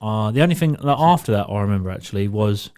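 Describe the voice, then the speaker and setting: Animated man telling a story. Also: on the low side, fast talker, clean tone, faint music behind. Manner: animated storytelling, acts out other people's voices. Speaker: podcast co-host. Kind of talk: casual podcast chat.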